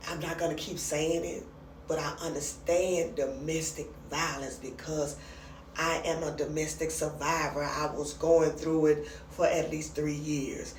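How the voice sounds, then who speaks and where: A woman's voice: low voice, measured pace, distant mic, slight background noise. Chatty woman recapping a skit, roomy. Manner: chatty, retells scenes with animated quoted voices. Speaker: reaction commentator. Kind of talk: casual recap of a comedy skit. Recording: roomy sound from off the mic.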